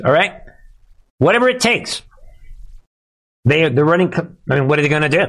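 A man's voice: fairly high pitch, big pitch swings, moderate pace, pauses often. A man hosting a live political commentary show, speaking straight to his audience in a sarcastic, emphatic way.

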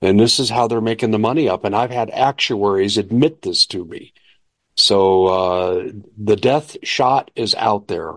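Argumentative male host with a lowish voice, dry and close, pressing each point. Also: measured pace, a bit bright, dry recording. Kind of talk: political commentary.

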